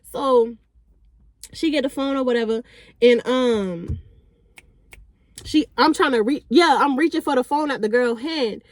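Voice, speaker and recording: A woman's voice: high-pitched, unhurried, long pauses, no room sound. A young woman, telling a party story in a casual vlog and acting out the people in it. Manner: animated, acts out the voices of people in her story. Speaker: storytime vlogger.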